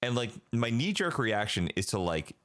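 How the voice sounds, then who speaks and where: A man's voice: medium pitch, very animated, moderate pace, a bit bright. A man in his forties co-hosting a parenting podcast, talking in a rambling way with lots of fillers and restarts. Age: 40s. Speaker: podcast co-host. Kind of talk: casual chat.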